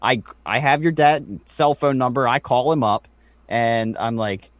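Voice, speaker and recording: A man co-hosting a podcast, talking in casual chat with an animated, swearing, excitable manner. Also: mid-range voice, unhurried, no room sound. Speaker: podcast co-host.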